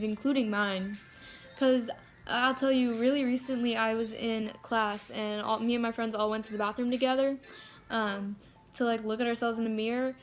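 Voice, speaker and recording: Chatty teen girl ranting on camera. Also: a little high. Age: teens. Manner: chatty, frank, swears freely, lots of "like". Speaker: vlogger. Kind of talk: casual rant to camera. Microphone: phone camera.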